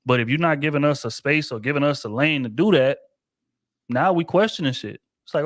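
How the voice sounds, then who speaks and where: A man's voice: on the high side, fairly quick, fairly bright tone, no echo, clean studio sound. A married man co-hosting a casual panel discussion, talking in a loose, rambling way with casual profanity. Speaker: podcast co-host.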